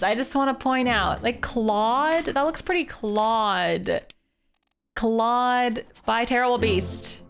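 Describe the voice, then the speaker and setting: A woman's voice: a little high, takes it slowly, gravelly, faint music behind. A woman from Canada, a streamer, thinking aloud in casual, playful live game commentary.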